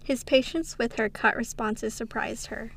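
A woman reads passages of a devotional book aloud for her podcast. Her voice is fairly high but carries a gravelly fry, and she reads at a steady, unhurried pace, slowing down on key phrases. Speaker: podcast co-host.

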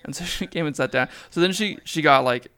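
A man's voice: a little high, a little fast, sharp tone, clear, resonant tone. A man co-hosting a podcast, chatting casually with wry, joking reactions. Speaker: podcast co-host. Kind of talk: casual chat.

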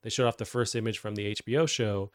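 Man, gaming news host, smooth clear voice, dry close sound, loose rambling chat. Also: lowish voice, quick pace, dry recording. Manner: relaxed, rambling, with many fillers and restarts.

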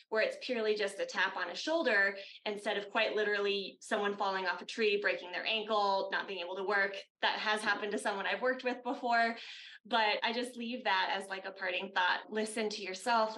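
A woman who works as a wellness coach, speaking in a gentle, earnest way on a video call panel. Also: medium pitch, slight background noise, low-quality recording. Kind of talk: reflective panel talk.

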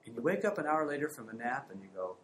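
Animated storytelling man giving advice. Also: medium pitch, fast, noisy background. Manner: animated storytelling, acts out family voices. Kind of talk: conversational advice.

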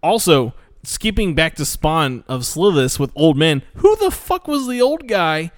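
A man's voice: on the high side, very animated, measured pace, no echo. A man with a slightly raised voice talks in loose, rambling bursts, swearing freely and losing his train of thought. He is recorded very close and dry, with almost no room sound. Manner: rambling, swearing, laughing, trailing off. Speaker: podcast co-host reviewing bad movies. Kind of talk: casual profane chat.

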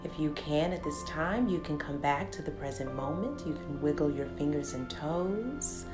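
A woman with a low voice speaks slow, soothing affirmations as she guides a meditation. Music plays clearly behind her. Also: lively intonation. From Texas. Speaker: podcast host. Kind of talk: guided meditation and podcast closing. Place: studio with a live audience.

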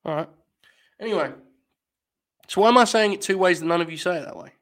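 A man with a slightly high voice talks casually through a live stream. He rambles and jokes with his chat in a wry, offhand way. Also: fast talker, a bit bright. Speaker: wrestling podcast host.

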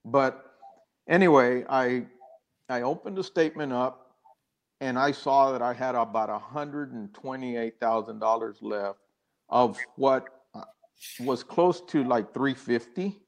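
Telling a personal story as an interview guest, this older man is earnest, often restarting and performing the quoted dialogue. His medium-pitched voice moves a little slowly.

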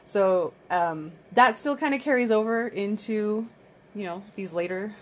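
A woman's voice: medium pitch, measured pace. A woman in her thirties talking candidly in a rambling casual monologue, swearing freely, as the podcast host. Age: 30s.

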